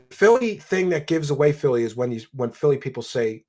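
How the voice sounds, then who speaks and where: A brash man hosts a livestream, reading out donations in casual, mocking chat. His voice is husky and sits at an ordinary middle pitch. He swears freely and teases openly. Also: very animated, a little fast, hardly any pauses, dark tone. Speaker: livestream show host.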